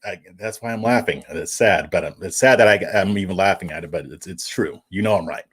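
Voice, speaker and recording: This political commentary host has a low, breathy voice and talks fairly fast. Going through viewer comments on his livestream, he keeps it relaxed and chuckly, often tripping on words and saying them twice.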